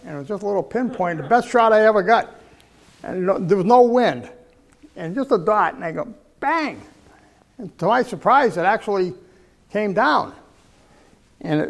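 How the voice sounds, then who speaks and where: A man's voice: high voice, vocal fry. An older man preaching a sermon, telling folksy stories and repeating words for emphasis.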